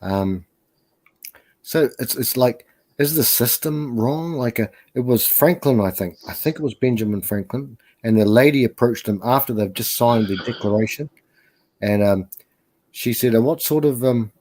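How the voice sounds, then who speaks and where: A man's voice: mid-range voice, moderate pace, darkish tone. A man talking as a guest on a casual live stream, rambling and hesitant with lots of fillers.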